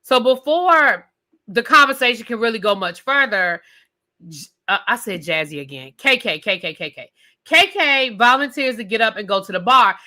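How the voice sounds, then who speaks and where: A woman reviewing a reality TV episode in a blunt, profane, animated rant. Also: a little high, normal speed.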